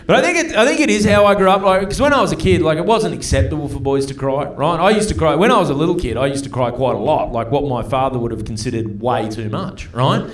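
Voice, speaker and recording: A rather high-voiced Australian man in his forties works a comedy club crowd with a chatty, profane stand-up set. He is heard from some distance off the mic, and the room adds a clear echo. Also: lively intonation, fast, few pauses. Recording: roomy live club sound from a distance.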